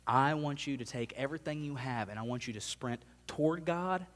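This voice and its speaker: Male youth minister, 30s, delivering an earnest sermon with hushed pleas; average pitch, reverberant sanctuary. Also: fairly quick. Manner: earnest, swings from loud emphasis to hushed, near-whispered pleas. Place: church sanctuary.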